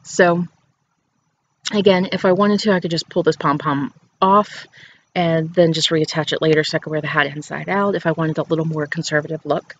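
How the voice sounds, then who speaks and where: A woman's voice: deep voice, fairly even intonation, moderate pace. Chatty woman hosting a knitting show. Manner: chatty and playful, laughs often. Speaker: knitting podcast host. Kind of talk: casual show-and-tell chat. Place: outdoors. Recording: dull outdoor recording with faint background noise.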